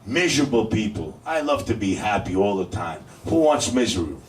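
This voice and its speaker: A man hosting a comedy show teases the crowd and draws out his punchlines, his lowish voice swinging widely in pitch. He is far from the mic, in a roomy club with faint noise.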